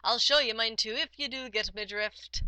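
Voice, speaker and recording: A woman's voice: on the high side, normal speed, pushed and bright, no echo. A woman voicing an eager, pleading young lad in a bawdy folk ballad, coaxing and wheedling.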